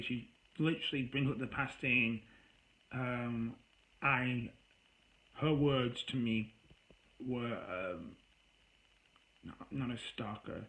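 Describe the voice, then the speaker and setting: A man's voice: mid-range voice, unhurried, a bit bright, low-quality recording. Weary, ranting man venting to camera. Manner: emotional, rambling, angry bursts, weary sighs. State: tired. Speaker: vlogger. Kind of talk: venting personal story to camera.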